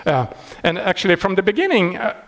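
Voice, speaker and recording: A man who maintains a software project, talking casually and wryly, laughing often and restarting his sentences. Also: sits high, brisk. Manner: wry and animated, laughing often, many restarts. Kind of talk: casual explanatory talk.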